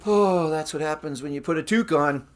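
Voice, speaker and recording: A man's voice: a little high, fairly quick. A Canadian man hosting his own record-collecting vlog, chatting casually with rambling asides about the albums he shows. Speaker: record collector channel host.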